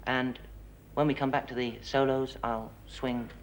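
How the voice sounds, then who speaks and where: A man's voice: medium pitch, flat delivery, measured pace, slight background noise. A man, a jazz drummer, talking through ideas at a band rehearsal and humming rhythms to show them. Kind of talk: rehearsal discussion.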